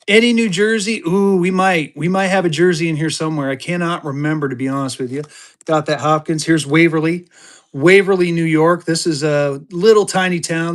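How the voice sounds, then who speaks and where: A man from Colorado hosting a live selling stream, talking fast in an upbeat sales patter. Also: fairly high pitch. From Colorado, USA. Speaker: live-stream currency seller.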